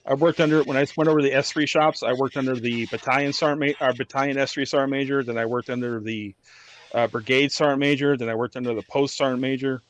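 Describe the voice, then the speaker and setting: A man's voice: mid-range voice, fairly even intonation, quick pace. A man who is a former army drill sergeant, telling blunt, profane stories in a casual podcast chat.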